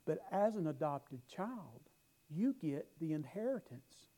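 Warm-voiced pastor preaching. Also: male voice, a little high, big pitch swings, a little slow, low-quality recording. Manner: storytelling, emphatic rises and sudden quiet asides. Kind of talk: sermon.

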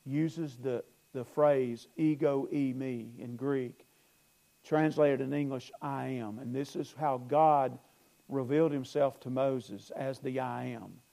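A man preaching a sermon as pastor, earnest, swelling loud and then dropping low, often repeating and restarting his phrases. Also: steady tone, slow pace, vocal fry.

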